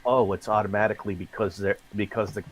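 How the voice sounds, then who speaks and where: A man in casual voice chat on a live stream, talking haltingly and restarting his sentences often. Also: fairly low pitch, fairly even intonation.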